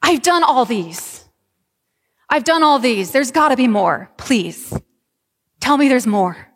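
A woman's voice: high-pitched, animated, slow pace, pitched above the performer's own voice, full character voice. A woman voicing an eager, desperate wealthy young man who pleads urgently. She speaks in a reverberant church hall. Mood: pleading.

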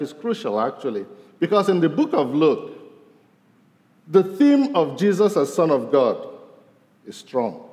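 A man preaching a sermon as pastor, his voice rising to stress points and falling low at the end of each. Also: normal speed, pauses often. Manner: animated, voice rising for emphasis and dropping low at ends of points. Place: church sanctuary. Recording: long reverb of a large hall.

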